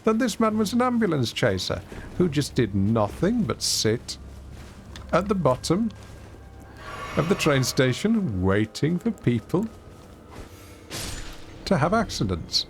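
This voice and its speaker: A man's voice: on the high side, slow, gravelly, pauses often, slight background noise. A man streaming a video game, telling rambling, self-mocking stories and reacting aloud to play. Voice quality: lively, rambling storyteller with self-mocking humour. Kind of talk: casual gameplay commentary and storytelling.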